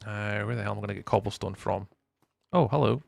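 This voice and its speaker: A young man chatting casually with viewers while live streaming, playful and often trailing off into a softer voice. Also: lowish voice, quick pace, creaky, no room sound.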